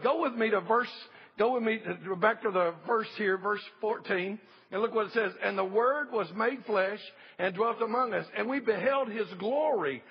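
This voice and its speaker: A man's voice: high voice, gravelly, slightly rough, lo-fi sound. A male pastor preaching a sermon in a church service, emphatic, repeating key phrases and calling for amens.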